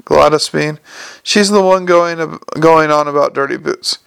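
Voiced by a male audiobook narrator, the sarcastic, fast-thinking con man sounds exasperated and increasingly flustered. His tone is gravelly, slightly high and fairly bright, captured dry and up close with no echo.

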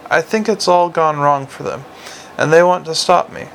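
A man voicing a grim, weary watchman who speaks slowly and deliberately. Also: a little high, gravelly, slight background noise, low-quality recording.

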